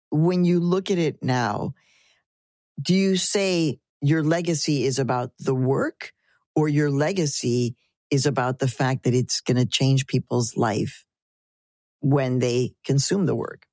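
A woman's voice: very deep voice, darkish tone, no echo, studio quality. A woman interviewing guests, asking questions with enthusiastic, effusive reactions.

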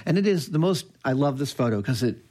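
A man's voice: mid-range voice, animated, quick pace, mellow. A man hosting an interview, enthusiastically leading into his questions.

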